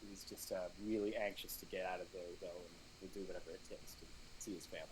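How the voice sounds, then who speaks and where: A man playing a character in a tabletop game, describing him calmly in third person. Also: deep voice, fast talker, noisy background. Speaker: player.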